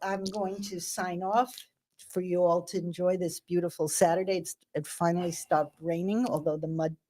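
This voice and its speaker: A middle-aged woman from New Jersey hosting a radio talk show, telling a joke with a deadpan delivery and then signing off. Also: fairly low pitch, moderate pace.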